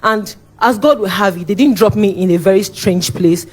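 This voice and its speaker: A young woman with a Nigerian accent giving a church testimony, animated and re-enacting her own shouting and pleading as she tells it. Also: mid-range voice, moderate pace, slightly rough.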